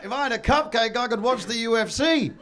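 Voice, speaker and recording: A man doing a stand-up comedy set, brash and loud, bursting into shouts and mock voices. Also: very high voice, a little fast, background noise. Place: comedy venue with audience.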